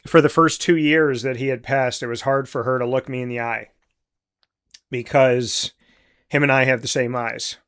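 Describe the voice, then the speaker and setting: A man in his forties from central New York, hosting a talk show and speaking in a heartfelt, halting, openly emotional way. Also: mid-range voice, fairly even intonation. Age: 40s. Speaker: host. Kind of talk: casual talk show monologue.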